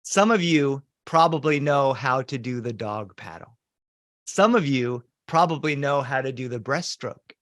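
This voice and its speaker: A middle-aged man telling stories to children over a video call, lively and animated. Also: mid-range voice, dry recording, studio quality. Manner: lively, animated, greets the audience. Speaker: children's storyteller.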